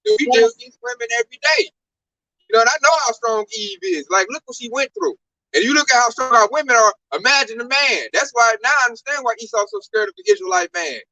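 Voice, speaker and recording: High, bright-voiced emphatic man. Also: quick pace, gravelly, no room sound. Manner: emphatic, slangy, animated storytelling. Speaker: discussion speaker. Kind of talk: casual religious discussion. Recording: distant mic, dry sound.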